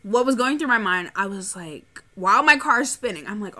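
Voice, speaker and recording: Young woman co-host, animated and profane, crisp bright tone. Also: mid-range voice, normal speed. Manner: animated storytelling, swears freely. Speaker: podcast co-host. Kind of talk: casual chat.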